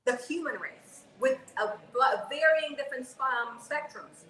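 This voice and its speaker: A woman in her forties co-hosting a casual panel chat, an animated storyteller who keeps checking in with "okay?". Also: sits high, measured pace, echoey room, a little hiss or hum, poor audio. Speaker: co-host.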